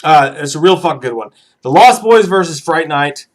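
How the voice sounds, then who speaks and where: A man co-hosting a movie livestream with a higher-than-usual voice. He rambles with passion and curses freely, then says sorry for it. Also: lively intonation, moderate pace. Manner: impassioned, rambling, swears often, apologetic. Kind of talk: profane livestream chat.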